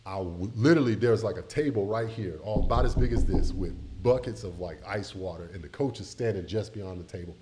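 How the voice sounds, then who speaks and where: Podcast guest, middle-aged man from Tampa Bay, lowish voice, animated storyteller, slight hiss behind. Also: brisk, few pauses. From Tampa Bay, Florida. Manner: animated, addresses listeners as y'all. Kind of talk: emotional storytelling in casual podcast chat.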